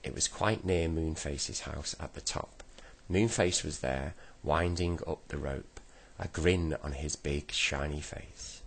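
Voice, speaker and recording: A man reading a children's storybook aloud slowly and gently. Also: rumbling low, gravelly, husky. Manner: slow, gentle storybook reading with voiced characters. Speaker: reader.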